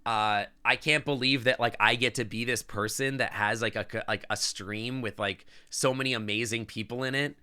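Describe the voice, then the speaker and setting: A man's voice: mid-range voice, steady tone, normal speed, few pauses, bright, forceful tone, clear, resonant tone. A man streaming live, chatting casually and sentimentally to his chat, rambling with lots of "like" and "I don't know". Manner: reads and answers chat as he talks.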